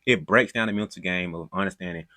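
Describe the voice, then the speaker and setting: A man's voice: sits low, fast talker, bright, forceful tone, dry recording, studio quality. A man hosting a podcast, talking casually and directly to listeners in slangy words. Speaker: podcast host. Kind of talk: podcast talk and self-promotion.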